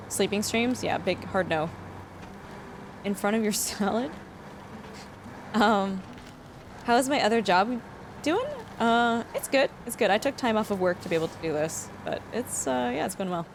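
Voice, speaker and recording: A young adult woman livestreams, chatting with her viewers and reading to them in a medium-pitched, expressive voice that is a little slow with frequent pauses. She gushes emotionally, laughs often, and seems near tears. There is slight hiss or hum.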